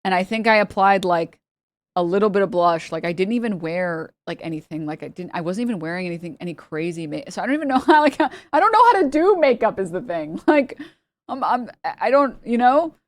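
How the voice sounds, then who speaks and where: Brisk and medium-pitched with lively intonation, this woman streamer chats casually on a live stream. Her talk is rambling and filler-heavy, punctuated by frequent laughs, on a dry recording.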